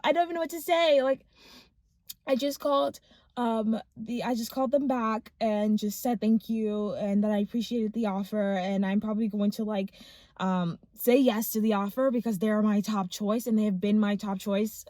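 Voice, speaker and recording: A woman in her twenties, a law student, talking to her phone's front camera in a rambling, excited vlog full of fillers. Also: medium pitch, dry recording. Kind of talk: casual vlog chat.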